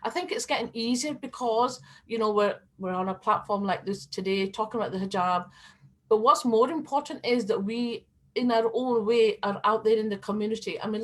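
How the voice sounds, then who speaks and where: A middle-aged woman speaking as a panelist on a video call, talking passionately and building to emphatic appeals. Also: mid-range voice. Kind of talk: earnest discussion on a video call.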